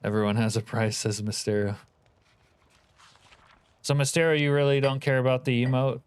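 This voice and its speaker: A man's voice: mid-range voice, steady tone, moderate pace, clean tone, no room sound. A man hosting a livestream, chatting casually and joking with his viewers in a profane banter while reading chat. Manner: reads and answers live chat. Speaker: livestream host.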